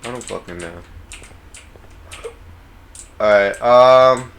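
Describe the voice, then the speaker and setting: A young man playing a horror game, swearing in panic, yelling at monsters and muttering low when tense. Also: slow, vocal fry. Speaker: gamer.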